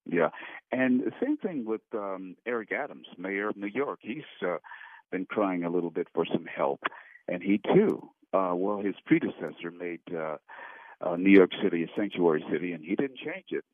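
A man calling in as a regular commentator on a political talk radio show, speaking haltingly with frequent fillers. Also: low voice, animated, dry recording. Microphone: telephone. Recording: tinny phone line.

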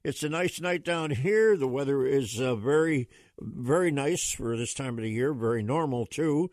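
A chatty man hosting a talk radio show at a mid pitch. His folksy, plain-spoken delivery is recorded dry and close. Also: animated, normal speed, a little mellow, no echo.

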